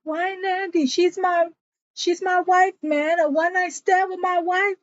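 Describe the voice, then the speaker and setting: A woman voicing a jealous, enraged man who shouts accusations, her voice pushed high and cracking near tears. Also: steady tone, unhurried, no echo, highs cut off.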